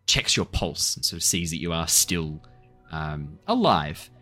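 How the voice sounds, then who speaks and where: A man narrates a tabletop game as game master, in a loose, hedging way. His voice sits low. Faint music plays underneath. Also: sing-song, a little slow, pushed and bright.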